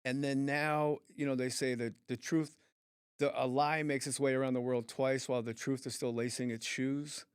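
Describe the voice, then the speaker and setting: A man's voice: mid-range voice, little pitch movement, normal speed, clear, resonant tone, no echo. Chatty male podcast host, dry mic. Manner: chatty storyteller, does voices for the people in his stories. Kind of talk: casual podcast chat.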